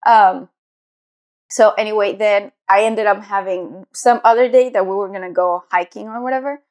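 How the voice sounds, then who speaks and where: A woman's voice: mid-range voice, fairly even intonation, normal speed, a little mellow. A young woman co-hosting a podcast, talking in a rambling, hesitant way with lots of fillers. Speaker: podcast co-host. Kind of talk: casual chat.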